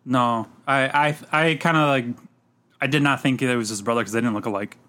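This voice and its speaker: A man co-hosting a casual movie review podcast, at a middle pitch. He talks haltingly, restarting his sentences and trailing off. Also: pushed and bright, smooth. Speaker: podcast co-host.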